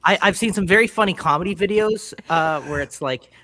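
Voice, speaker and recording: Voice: mid-range voice, brisk, pushed and bright, dry recording. A musician guest on a video call, chatting in a rambling, self-deprecating way. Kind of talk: casual chat.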